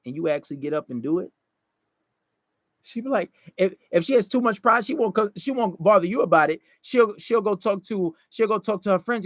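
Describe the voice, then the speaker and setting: A man's voice: high-pitched, expressive, a little fast, no room sound, clean studio sound. A man giving dating advice in a casual livestream monologue, blunt and profane, lecturing and acting out quoted voices.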